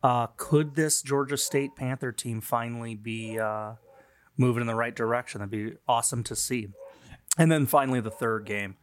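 A man's voice: mid-range voice, normal speed. A man co-hosting a sports podcast, talking through games in a chatty way with lots of fillers. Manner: chatty, laughs easily, many fillers. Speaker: podcast co-host. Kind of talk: casual sports chat.

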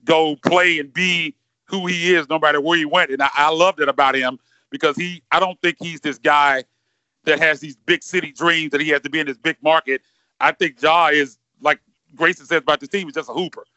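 A man talks basketball on a podcast, his voice bright and a little high. He rambles, doubling back on words as he works through a thought. The recording is dry and slightly dull. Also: fairly even intonation, brisk, clean tone, no echo. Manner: rambling, repeats words while thinking. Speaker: podcast co-host. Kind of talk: casual sports podcast chat.

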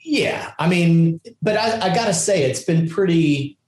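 A middle-aged man, a podcast guest, chatting in a relaxed, thoughtful way. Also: a little high, unhurried. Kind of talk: casual chat. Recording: roomy echo.

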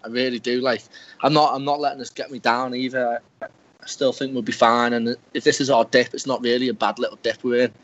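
A mid-pitched man chats on a casual podcast, exasperated but trying to stay upbeat. He talks in loose, informal runs. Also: muffled recording. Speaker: podcast regular. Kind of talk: casual football podcast chat.

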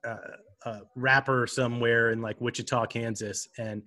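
A man's voice: medium pitch, level tone, normal speed, sharp tone. A man co-hosting a podcast, telling stories in a laid-back, wry, casual way. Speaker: podcast co-host. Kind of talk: casual chat.

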